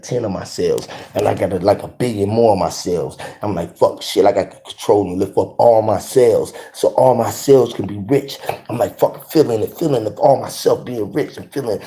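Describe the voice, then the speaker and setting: A man's voice: on the low side, dark tone. A man vlogging from his garage, giving a rambling, profane motivational monologue full of rhyming wordplay and repeated catchphrases. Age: adult. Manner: rambling, profane, rhyming wordplay, repeats "you feel what I'm saying". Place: home garage.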